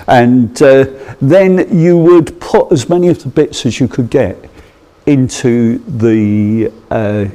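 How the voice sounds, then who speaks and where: A man's voice: mid-range voice, mellow. A middle-aged man from England giving an informal sermon, telling a school memory with hesitant restarts, chuckles and growing enthusiasm. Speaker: preacher. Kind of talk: anecdotal sermon.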